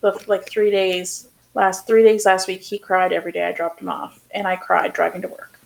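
A woman's voice: mid-range voice, fairly even intonation, moderate pace, vocal fry, rough recording. A young woman co-hosting a podcast, talking in a rambling casual way with lots of fillers. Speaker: podcast co-host. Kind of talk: casual chat.

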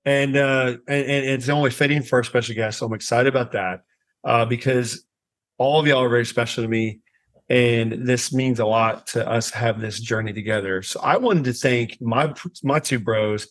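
A man of middle pitch hosts a casual podcast among friends. His talk is laid-back and loose, full of swearing and easy laughter. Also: fairly even intonation, moderate pace, a bit bright. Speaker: podcast host. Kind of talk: casual chat.

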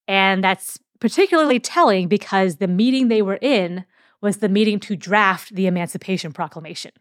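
In this casual educational podcast, the host uses a mid-range voice as she talks through history, with some fillers and restarts along the way. The recording is dry and studio-clean.

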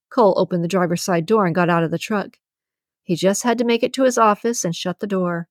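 A woman narrating a romance audiobook in a steady, even storytelling manner. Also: fairly low pitch, a little fast, no echo, clean studio sound. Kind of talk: scripted narration.

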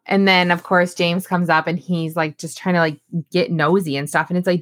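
A woman co-hosting a podcast in casual chat, often chiming in with quick reactions and agreement. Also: fairly low pitch, level tone, dry recording, clean studio sound. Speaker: podcast co-host.

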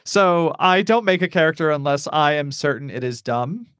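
A man's voice: on the high side, moderate pace, smooth. A man hosting a podcast, chatting casually about tabletop role-playing characters with lots of fillers and laughter. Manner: animated, laughs often, many fillers. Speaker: podcast host.

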